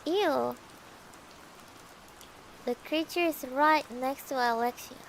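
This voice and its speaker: A woman's voice: high-pitched, a little slow, a little hiss or hum, poor audio. A young woman reading a novel aloud for her stream, playful and adding her own comments between passages. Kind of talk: casual storybook reading with asides.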